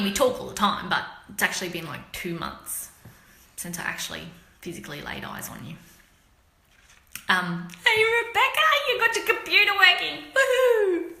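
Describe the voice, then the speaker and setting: An Australian woman chats with her live viewers in a loose, rambling way, full of slang and asides to people by name. Her voice is very bright and sharp, and the room gives it a noticeable echo. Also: fairly high pitch. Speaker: livestream host chatting with viewers. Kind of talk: casual live chat. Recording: roomy echo.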